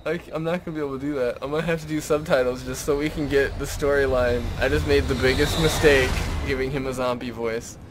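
A man's voice: medium pitch, steady tone, quick pace, hardly any pauses, background noise. A man doing casual gameplay commentary, rambling, giggling and reacting aloud to what happens in the game. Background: game music and sound.

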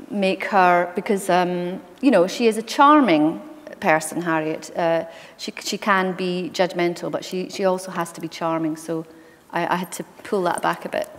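Woman author, chatty anecdotal talk, hall reverb. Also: lowish voice. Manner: chatty, anecdotal, lively asides. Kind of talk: onstage conversation. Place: library event hall.

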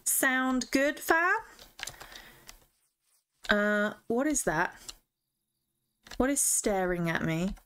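A woman's voice: a little high, sing-song, extremely slow, long pauses, a bit bright, slight background noise. A young woman chatting casually while playing a game, gushing over what she finds and talking to herself and the in-game animals. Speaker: gaming streamer. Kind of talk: casual gameplay chat.

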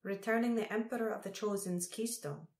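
A woman voicing a resolute young warrior woman who speaks calmly and steadily, recorded in a roomy space. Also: medium pitch, fairly quick, pitched above the performer's own voice, natural voice. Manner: calm, steady. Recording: roomy echo.

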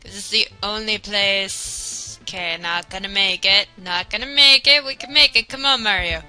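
Bright-voiced young woman narrating gameplay. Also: mid-range voice, moderate pace, smooth, poor audio. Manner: chatty, excitable, talks to herself and the game. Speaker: let's player. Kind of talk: casual gameplay commentary. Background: game music.

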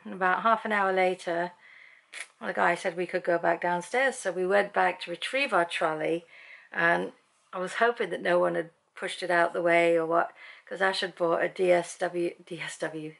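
A woman's voice: lowish voice, gravelly, fairly bright tone. A middle-aged British woman vlogging from home, chatting and rambling through a long story with frequent ums. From Britain. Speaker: family vlogger. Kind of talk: casual chatty vlog. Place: at home in the evening.

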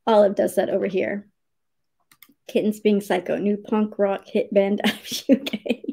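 A woman's voice: medium pitch, level tone, measured pace, vocal fry, dark tone, breathy edge. A woman hosting a casual livestream writing sprint, cheerfully greeting viewers by name, reading their comments aloud and laughing often.

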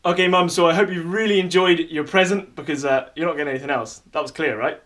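A man's voice: a little high, fast talker, a bit bright. A man talking casually to his mother, thanking people who helped with a birthday video, in a light joking way. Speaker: video maker thanking contributors. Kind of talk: casual spoken message.

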